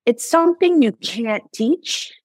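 A woman in her thirties, a company founder in a conversational interview, telling lively stories and acting out her own past lines. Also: high-pitched, slow, husky, dry recording. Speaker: founder and CEO, interview guest.

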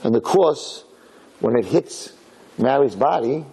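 Husky man telling a lively story. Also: medium pitch, slow pace. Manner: lively, dramatic, acts out characters. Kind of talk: animated religious storytelling.

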